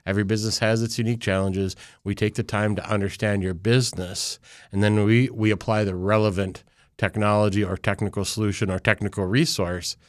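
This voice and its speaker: Low-voiced, affable male business guest. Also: little pitch movement, fairly quick, no echo, clean studio sound. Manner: affable, self-deprecating, with frequent restarts. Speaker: IT company executive guest. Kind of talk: casual radio interview.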